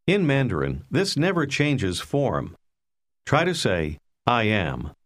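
A man narrating a language lesson in scripted instructional style, calmly prompting the listener to repeat. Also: mid-range voice, takes it slowly. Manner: calm, patient, prompting the listener.

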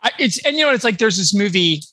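A man with a somewhat high, bright, forceful voice hosts a casual podcast chat. He talks in an animated way, swears freely and breaks into quick laughs. The sound is dry and close. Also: dry recording. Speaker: podcast host. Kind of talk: casual chat about comics.

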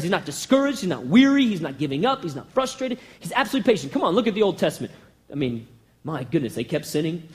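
A man preaching a sermon with passion and rhetorical questions, swinging between loud bursts and hushed lines. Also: high voice, sing-song, fairly quick.

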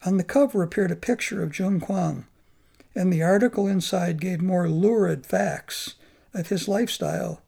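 Brief: male narrator, heavy vocal fry, husky and rough, steady reflective reading. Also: high-pitched, normal speed. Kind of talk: memoir audiobook narration.

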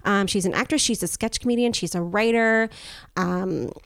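A woman's voice: mid-range voice, normal speed, gravelly, no room sound, studio quality. A woman hosting a casual podcast, chatty and upbeat, with lots of fillers. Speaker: podcast host.

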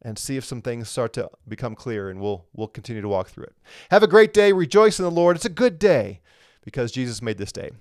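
A man's voice: medium pitch, sing-song, brisk, dry recording, clean studio sound. A man teaching a live Bible lesson, talking through scripture conversationally and reading viewer comments aloud.

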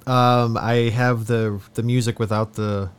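A man's voice: medium pitch, level tone, measured pace, clear, resonant tone. A man co-hosting a podcast, mostly reacting with short comments in casual chat. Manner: brief reactions and asides. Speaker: podcast co-host.

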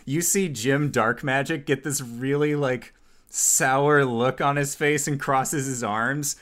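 A man narrating a tabletop game as game master, describing each scene in a lively way. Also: medium pitch, slow.

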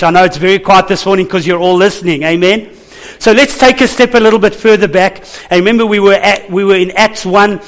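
A man preaching a sermon to his church as pastor, calling out to the congregation for responses. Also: sits high.

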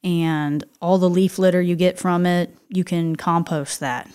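Chatty, explanatory lower-pitched woman. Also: steady tone, measured pace, a little mellow, clean tone. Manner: explanatory, chatty, many affirming yeses. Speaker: podcast co-host. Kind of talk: casual chat.

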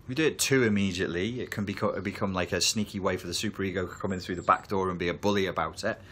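A man talking to camera as a therapy coach, calm and reassuring as he explains. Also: low-pitched, fast. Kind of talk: reflective talk to camera.

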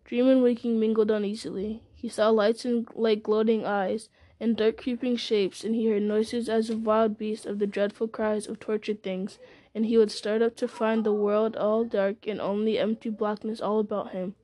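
A woman narrating a fantasy novel aloud in a steady, measured storytelling manner. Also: medium pitch, dry recording. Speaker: audiobook narrator.

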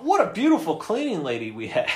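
A young man telling a story in casual chat, animated and laughing often, with plenty of swearing. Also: sits high, quick pace. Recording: echoey room.

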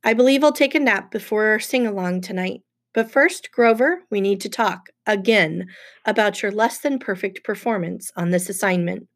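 A woman's voice: mid-range voice, moderate pace, close to an everyday voice. Woman doing a sulky, pompous wine god. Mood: cold. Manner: whiny, bored, condescending.

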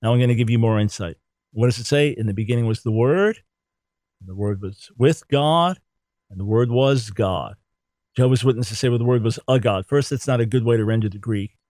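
A man's voice: mid-range voice, brisk, darkish tone, dry recording. A man giving an emphatic theology teaching talk, repeating words to drive points home. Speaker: Bible teacher.

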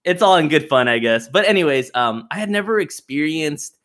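A young man telling a funny story on a casual podcast, recorded over a voice call. His voice sits high and leaps around a lot. He laughs often and swears freely. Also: expressive, fairly quick, fairly bright tone, rough recording. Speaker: podcast host. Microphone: remote call mic.

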